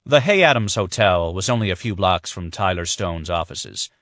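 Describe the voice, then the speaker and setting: Man, audiobook narrator, scripted narration, measured, low voice, dry sound. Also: expressive, a bit bright, dry recording.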